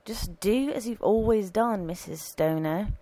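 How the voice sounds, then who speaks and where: A woman's voice: mid-range voice, unhurried, mellow, dry recording, lightly acted. A woman voicing a curt, dry priest in his late fifties. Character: dry, cool-tempered male priest of fifty-nine.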